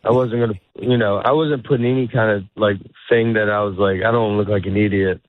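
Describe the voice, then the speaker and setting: A man's voice: lowish voice, fairly even intonation, a little fast, dry recording. Rambling middle-aged man, tinny phone-like sound. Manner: rambling, self-interrupting, laughs often. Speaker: comedian guest. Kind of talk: casual chat. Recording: dry phone-like audio.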